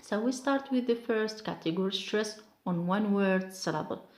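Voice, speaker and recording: A woman giving an English lesson, explaining rules carefully and patiently. Her voice sits at an ordinary middle pitch. The sound is roomy, with a clear echo around her. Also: normal speed, a little mellow. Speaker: English teacher.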